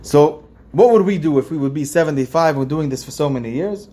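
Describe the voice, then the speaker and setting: A man's voice: a little high, fairly quick, hardly any pauses, mellow. A man, a rabbi, giving an informal religious lesson in a conversational way, repeating phrases and asking his listeners questions. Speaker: rabbi teaching a class.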